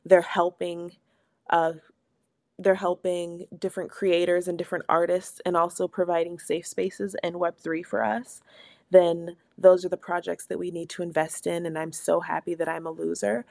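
A young woman co-hosting a casual podcast, animated and quick to laugh, swearing freely as she talks. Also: lowish voice, gravelly, no room sound, studio quality. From Pacific Northwest of the US. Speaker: podcast co-host.

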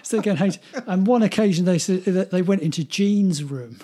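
A man co-hosting a loose conversation, his voice a touch husky and pitched somewhat high. He rambles cheerfully, laughing as he goes and circling back on his words. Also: a little fast, dark tone. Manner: chatty, laughing, many restarts and "you know". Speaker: podcast co-host. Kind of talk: casual chat.

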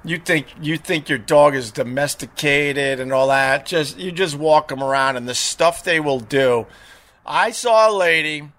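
A middle-aged man hosting a show, chatting casually and telling a story with lively retold dialogue. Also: on the high side, unhurried. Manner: animated storyteller, mimics voices in retold dialogue. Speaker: show host.

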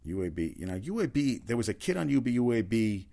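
A man's voice: medium pitch, sing-song, quick pace, gravelly, mellow. A man giving a casual, rambling solo rundown of sports news, opinionated and full of fillers and restarts. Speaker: sports talk host.

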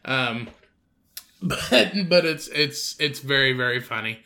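Bright-voiced young man rambling casually. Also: medium pitch, takes it slowly, vocal fry. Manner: rambling, profane storyteller. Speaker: podcast host. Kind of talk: casual chat.

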